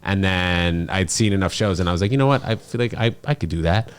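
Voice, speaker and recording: A man's voice: deep voice, animated, a little fast, clear, resonant tone. A young man hosting a podcast, telling stories in a rambling, casual way with lots of fillers and acted-out quotes. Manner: rambling, filler-heavy storytelling with voiced-up quotes. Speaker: podcast host.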